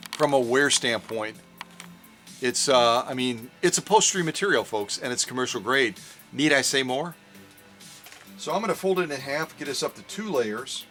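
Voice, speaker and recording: A man's voice: mid-range voice, a bit bright. A man hosting a live premiere sewing demo, talking playfully to viewers as folks. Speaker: sewing machine restorer.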